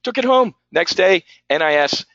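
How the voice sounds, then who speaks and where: A man hosting a live market show rants with heat and stumbles over his words. His voice is forceful and bright. The audio is dry and somewhat dull. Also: high voice, lively intonation, moderate pace, dry recording. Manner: heated, ranting and repeating himself. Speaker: trading show host.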